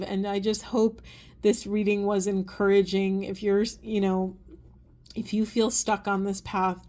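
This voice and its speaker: Earnest, gentle woman card reader. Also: medium pitch. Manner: gentle, earnest, rambling with self-corrections; soft and hushed while reading cards. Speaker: tarot and oracle card reader. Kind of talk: spiritual card reading vlog.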